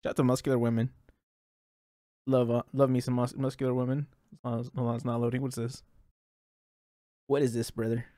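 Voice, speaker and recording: A young man streaming reactions, talking in an excitable, rambling way and laughing between thoughts. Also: medium pitch, brisk, pauses often, no echo, studio quality. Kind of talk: casual reaction commentary.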